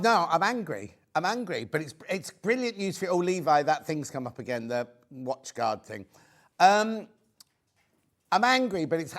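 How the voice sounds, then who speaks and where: A man hosting a live home-shopping show, rambling excitably and pleading with viewers to buy. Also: fairly high pitch. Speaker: shopping channel host. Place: TV studio.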